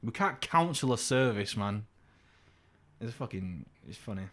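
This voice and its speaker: A man's voice: animated, measured pace, fairly bright tone. A young man, co-hosting a podcast in casual, sweary chat and mimicking his father. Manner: swears freely, imitates his dad with raised pitch. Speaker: podcast co-host.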